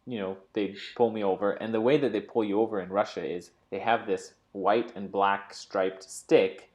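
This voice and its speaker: Low-voiced man, halting chat. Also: fairly even intonation, muffled recording. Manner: hesitant, many fillers and restarts. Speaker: co-host. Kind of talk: casual storytelling chat.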